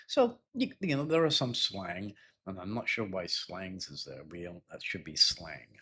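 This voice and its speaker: With a low, sharp-toned and very animated voice at a moderate pace, the middle-aged man runs a chatty live IELTS speaking lesson over a little hiss or hum. He stops for "yeah?" and "right?" and raises his voice to act out sample dialogues.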